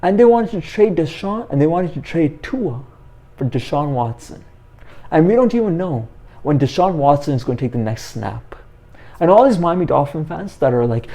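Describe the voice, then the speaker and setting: A man's voice: fairly high pitch, animated, moderate pace, dark tone. A young man giving a heated, repetitive sports opinion rant as the host of his own channel. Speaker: sports commentator. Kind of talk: ranting sports opinion monologue.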